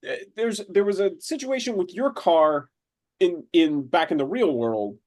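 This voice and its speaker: A man voicing a gentle, hesitant male HR agent who talks in a soothing, stammering way. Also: sits high, expressive, measured pace, no echo. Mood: awkward.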